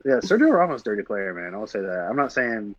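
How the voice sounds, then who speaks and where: A man's voice: lowish voice, big pitch swings, fairly quick, muffled recording. A man co-hosting a sports podcast, chatting in a laid-back, joking way. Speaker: podcast co-host. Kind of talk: casual sports chat.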